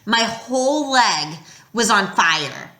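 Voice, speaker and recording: A woman reading a novel aloud in first person, with expressive storytelling that drops quiet at tense moments. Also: medium pitch, takes it slowly, echoey room. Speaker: audiobook reader.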